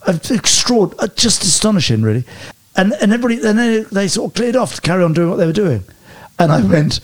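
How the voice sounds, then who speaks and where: Animated man telling stories. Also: sits high, fairly quick. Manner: animated anecdotes with hesitant restarts. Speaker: guest. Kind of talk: storytelling interview chat.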